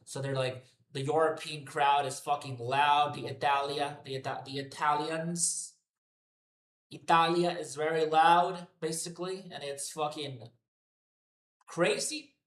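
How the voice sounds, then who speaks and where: A man's voice: fairly high pitch, fairly even intonation, a little slow, reverberant. A man ranting profanely to his live chat about a wrestling show, repeating himself as he goes. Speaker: wrestling commentary streamer. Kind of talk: unscripted rant to a live chat. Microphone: headphones on.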